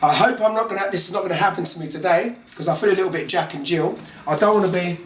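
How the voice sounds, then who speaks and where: In an echoey room with slight background noise, a man with a high, slightly bright voice and a Cockney accent teaches London slang. The lesson is chatty and unhurried in its deliberate wording, peppered with frequent "okay" check-ins.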